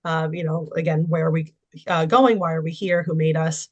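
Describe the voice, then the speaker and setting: A woman's voice: deep voice, steady tone, moderate pace, highs cut off. A woman guest telling her personal story in conversation, candid and anecdotal, with frequent fillers. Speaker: interview guest.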